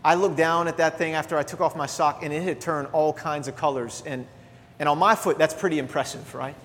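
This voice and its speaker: A middle-aged pastor delivers a sermon in a church sanctuary, his voice a little high for a man and his pace fairly quick. He shifts between animated, energetic exhortation and soft confessional asides, with a long hall reverb and slight background noise.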